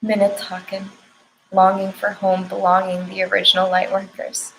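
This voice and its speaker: Young woman doing a spiritual card reading, gentle and a bit teary, quiet hum in the background. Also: medium pitch, completely flat delivery, normal speed, creaky, low-quality recording. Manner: tender, emotional, affirming, near tears. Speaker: oracle card reader.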